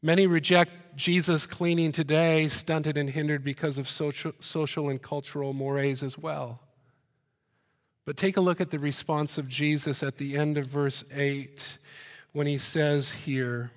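A man preaching to a congregation in a fairly high voice, the sound ringing out with a long hall reverb. He keeps the sermon conversational, asking the room questions and dropping in quick jokes. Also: steady tone. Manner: conversational, joking asides and rhetorical questions. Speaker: pastor. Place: church hall before a congregation.

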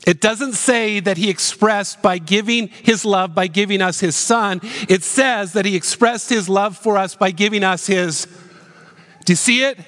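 A man preaches in a high-pitched voice, earnest and questioning. He slows right down to stress key phrases. His voice rings with the long reverb of a church hall. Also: fairly bright tone. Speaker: pastor. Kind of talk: sermon.

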